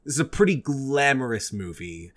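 A man co-hosts a casual podcast, joking and swearing easily as he talks. His voice sits at an ordinary middle pitch, and he often breaks into laughter. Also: sing-song, moderate pace. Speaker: podcast co-host.

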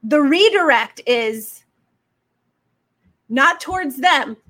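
A woman's voice: sits high, animated, slow, fairly bright tone. A woman business coach giving an emphatic, preaching-style motivational talk full of fiery rhetorical questions. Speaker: faith-based business coach.

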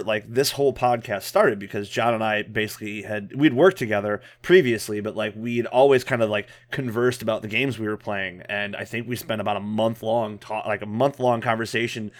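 A man's voice: on the low side, brisk. A man co-hosting a podcast, talking loosely with lots of fillers. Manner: loose, filler-heavy, many "like"s. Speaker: podcast co-host. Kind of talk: casual podcast chat.

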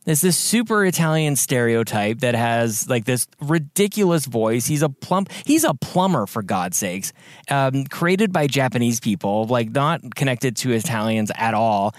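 A man co-hosting a podcast in casual chat, animated and full of fillers. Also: mid-range voice, unhurried, no room sound, studio quality. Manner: animated, lots of fillers and laughs. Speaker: podcast co-host.

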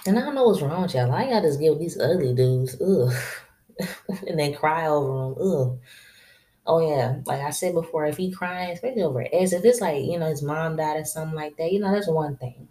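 A woman with a low, warm, mellow voice talks straight to her listeners in a casual solo podcast monologue. She is blunt and slangy, drawls her words and laughs to herself as she lays out her advice. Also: lively intonation, fairly quick. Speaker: podcast host.

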